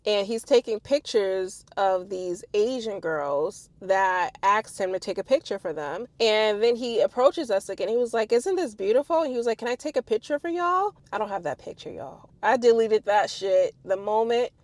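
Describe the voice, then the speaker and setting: A woman in her thirties casually telling a personal story to her viewers, animated and swearing freely. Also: mid-range voice, normal speed, hardly any pauses, no echo.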